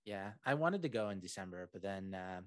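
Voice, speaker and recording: Low-voiced man hosting, rambling. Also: expressive, fairly quick, fairly bright tone, no echo. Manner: rambling, many fillers and restarts. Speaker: podcast host. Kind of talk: casual podcast chat.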